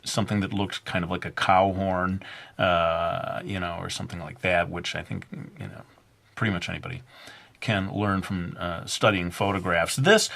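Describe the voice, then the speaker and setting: A man narrating a drawing tutorial in a relaxed, rambling way, full of ums and uhs and self-deprecating jokes. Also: fairly low pitch, vocal fry. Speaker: drawing instructor.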